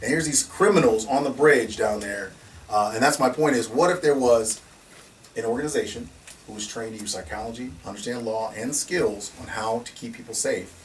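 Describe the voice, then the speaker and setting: A man telling stories in a casual conversation as the founder of a security company, animated and laughing, often restarting and acting out what people said. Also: mid-range voice, normal speed. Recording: distant mic with faint noise.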